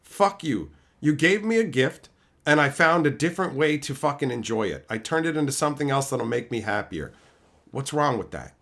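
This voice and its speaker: Blunt, swearing livestream host with a lively voice. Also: male voice, medium pitch, a little fast. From America. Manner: blunt, swears constantly, acts out both sides of arguments. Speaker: livestream host answering chat. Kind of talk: casual profane livestream rant.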